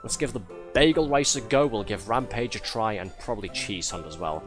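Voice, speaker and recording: Man, game streamer, live commentary, sarcastic, lively ups and downs, low voice. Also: fairly quick, soft background music. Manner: wry, sarcastic, laughs often.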